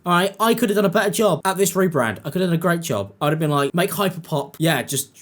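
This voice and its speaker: A man giving sarcastic commentary, mocking and animated, often jumping into high-pitched impressions. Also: very fast. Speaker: commentary YouTuber.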